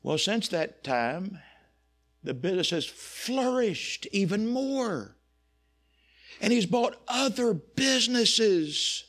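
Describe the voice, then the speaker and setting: A man preaching a sermon, telling folksy stories and rising into impassioned preaching. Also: sits high.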